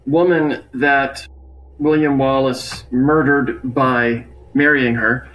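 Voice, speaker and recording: A man in a casual podcast chat about a movie, jokey and unhurried, trailing off mid-thought. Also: mid-range voice, fairly even intonation, fairly bright tone, lo-fi sound, slight background noise. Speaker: podcast co-host.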